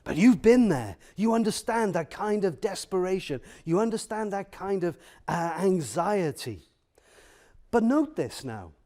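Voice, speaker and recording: A man's voice: sits high, sing-song, measured pace, warm tone. A man preaching a sermon in a church, earnest, building with repeated phrases and asking the congregation direct questions.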